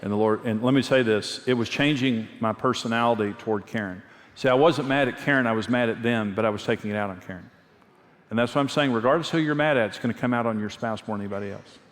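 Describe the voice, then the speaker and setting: Guy preaching about marriage, mid-pitch voice, tells stories, repeats stuff, big reverby hall. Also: quick pace. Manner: earnest storytelling, repeats key phrases. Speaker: pastor and marriage speaker. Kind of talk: conversational sermon with personal stories. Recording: long reverb of a large hall.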